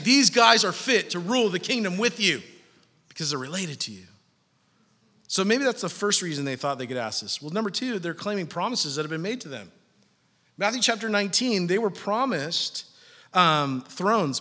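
Animated high-voiced pastor in a reverberant hall. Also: male voice, normal speed. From California. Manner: animated, joking storyteller, acts out quoted voices. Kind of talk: sermon.

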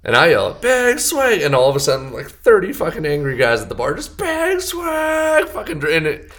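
Rambling young male podcast guest, animated, swears a lot, middle-pitched. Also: fast talker. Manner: rambling, profane, animated storyteller. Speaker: podcast guest, band member. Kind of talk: casual storytelling.

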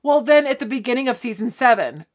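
A woman's voice: fairly high pitch, fast. A woman co-hosting a podcast, chatting casually as she recaps a sitcom and acts out the characters' lines. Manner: animated, acts out characters' lines while retelling scenes. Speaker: podcast co-host. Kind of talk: casual chat recapping a TV show.

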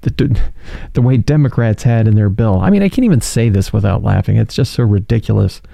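A man's voice: fairly low pitch, animated, a little fast, creaky, mellow, dry recording, studio quality. A man hosting casual political commentary, incredulous and sarcastic, reading news quotes aloud and calling his viewers folks.

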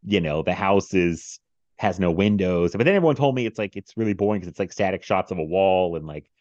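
A man's voice: sits low, lively intonation, a little fast, darkish tone, no echo, lo-fi sound. A man hosting a podcast, chatting casually about movies, rambling with many fillers and frequent laughs. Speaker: podcast host.

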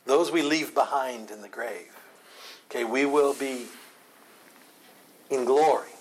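A man's voice: mid-range voice, slow, slight background noise. A man leading a Bible study, explaining Scripture in a conversational way and often asking rhetorical questions.

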